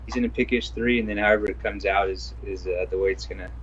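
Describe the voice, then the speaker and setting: Man, interview guest, relaxed, easygoing, lowish voice, muffled lo-fi sound. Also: fast, slightly rough. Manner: laid-back, easygoing, repeats words while thinking. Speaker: interview guest, grappling competitor and instructor. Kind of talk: casual interview chat.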